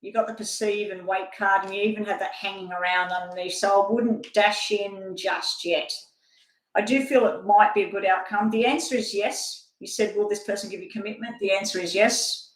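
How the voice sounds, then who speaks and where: An older woman chats her way through a live tarot reading, wandering off topic now and then and sometimes talking with her mouth full. Her voice sits at a middle pitch, and the room around her is noticeably echoey. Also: steady tone, moderate pace. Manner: chatty, rambling, talks while eating. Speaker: tarot reader.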